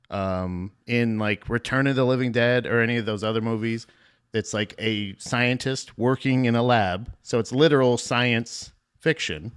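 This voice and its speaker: A man's voice: fairly low pitch, a bit bright, smooth. A man co-hosting a movie podcast, chatting casually, rambling and restarting his sentences. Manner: rambling, restarts often, profane. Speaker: podcast co-host.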